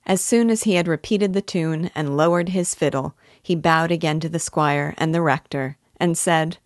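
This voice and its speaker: A woman teacher reading a classic novel aloud in a measured, expressive way. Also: low-pitched, dry recording, studio quality. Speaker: literature teacher.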